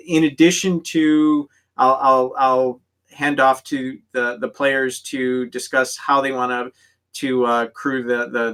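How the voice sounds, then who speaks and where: Game master, male, mid-pitch, halting delivery full of fillers and restarts. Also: fairly bright tone. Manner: halting, many ums and restarts. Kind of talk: explaining rules in an online tabletop session.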